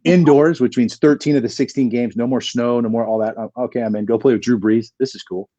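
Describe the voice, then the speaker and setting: A man in his forties, a podcast guest, telling an animated story with plenty of energy and acting out the dialogue. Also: medium pitch, quick pace, no echo, lo-fi sound.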